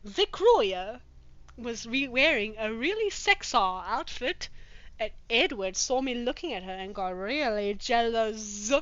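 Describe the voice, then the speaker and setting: High, lively, profane woman reading fanfic. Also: slow pace, dry recording, dull audio. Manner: profane, sarcastic, exasperated. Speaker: host reading fanfiction aloud. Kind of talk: comedic dramatic reading with commentary.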